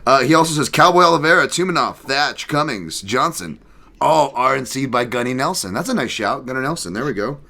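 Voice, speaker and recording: A man hosting a podcast, chatting casually about martial arts and reading listener picks, animated and quick to laugh. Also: mid-range voice, vocal fry. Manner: animated, laughs often, joking. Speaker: podcast host.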